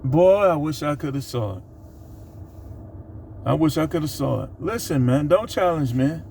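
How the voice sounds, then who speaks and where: A middle-aged man telling a funny work story in a casual, animated monologue. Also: on the high side, normal speed, creaky, slight background noise. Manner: animated, laughs while telling. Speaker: vlogger.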